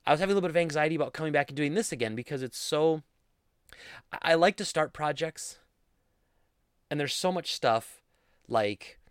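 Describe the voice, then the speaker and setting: A man's voice: a little high, lively intonation, brisk, pauses often, smooth, dry recording. A young man hosting a casual solo podcast, rambling in a goofy, self-deprecating way into a studio mic. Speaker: podcast host.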